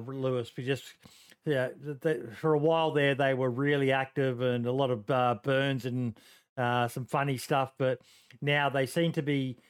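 Casual Aussie male host, smooth tone, stop-start delivery full of fillers. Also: medium pitch. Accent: Australian. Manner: hesitant, lots of ums, joking. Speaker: podcast host. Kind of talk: casual podcast chat.

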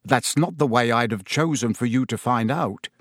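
A man voicing an anxious middle-aged wizard father who speaks low and tense in a storybook reading. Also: normal speed, no echo, clean studio sound, close to an everyday voice.

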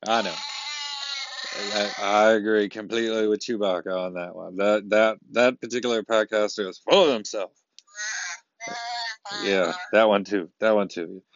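A man's voice: fairly low pitch, fairly even intonation, normal speed, lo-fi sound, background noise. A man introducing a podcast in a hyped, playful and repetitive way. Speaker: guest introducing the show.

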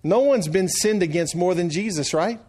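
A middle-aged man preaching a sermon, telling stories that swing from quiet, hushed lines to loud shouted outbursts. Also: high voice, normal speed. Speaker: pastor.

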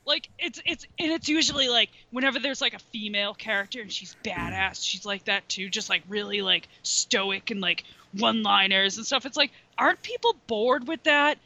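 A woman's voice: fairly high pitch, moderate pace, hardly any pauses, sharp tone. A young woman co-hosting a podcast, griping bluntly and profanely with exasperation. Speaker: podcast co-host. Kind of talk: casual ranting chat.

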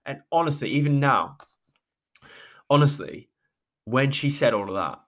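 A man from England, hosting a podcast, telling a personal story in a halting way, close to tears and stopping often. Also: mid-range voice, expressive, a bit bright. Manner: halting, with many restarts and trailing pauses. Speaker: podcast host. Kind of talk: reflective personal monologue.

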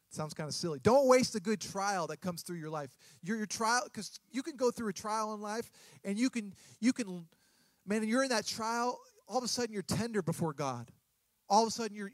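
Male pastor, thirties, earnest sermon delivery, frequent restarts, fairly high voice, dry close sound. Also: no room sound.

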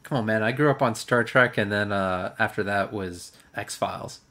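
A man's voice: lowish voice, normal speed, bright, forceful tone. Rambling man recapping an episode. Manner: rambling, filler-heavy recap. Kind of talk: casual chat.

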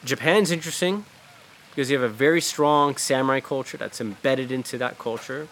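A man's voice: mid-range voice, brisk, a bit bright, a little hiss or hum. A man hosting a talk show, ranting bluntly and casually with profanity and many fillers. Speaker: podcast host.

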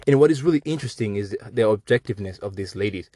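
A man with a Mexican accent hosts a podcast and rants casually, sarcastic, profane and full of slang. His voice is lowish and dark, expressive, with rapid-fire delivery.

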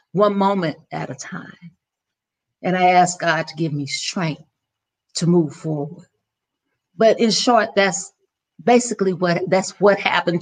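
A middle-aged woman, an interview guest, telling a personal story in an earnest, emotional way with many restarts. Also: on the low side.

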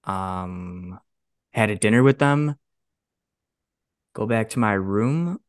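A man's voice: medium pitch, clean tone, no room sound, clean studio sound. Swearing young man telling a story. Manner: animated, swears a lot, acts out quotes. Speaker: podcast co-host. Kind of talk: casual storytelling.

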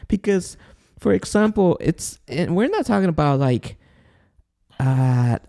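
Blunt, gravelly man swearing in podcast chat. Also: a little high, lively intonation, measured pace, dark tone. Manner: blunt, swears freely, presses a question. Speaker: podcast co-host.

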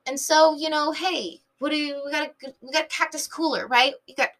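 Animated, swearing podcast woman from San Diego. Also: high-pitched, normal speed. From San Diego, Southern California. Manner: animated, filler-heavy, swears freely, jumps between tangents. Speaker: podcast host. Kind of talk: casual rambling monologue.

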